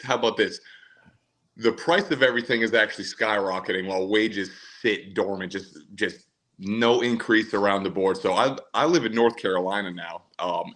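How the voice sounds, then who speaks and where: A man's voice: on the low side, fairly bright tone, low-quality recording. A man from Maine calling in to a podcast, chatting in an easygoing, rambling way. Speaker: caller. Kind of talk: casual call-in chat.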